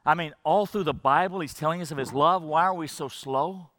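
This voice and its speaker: Male pastor, sermon delivery, fairly high and bright voice, dry close sound, shifts from fervent to hushed, repeats for emphasis. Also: fairly quick, dry recording. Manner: swings from fervent rising emphasis to hushed low drops.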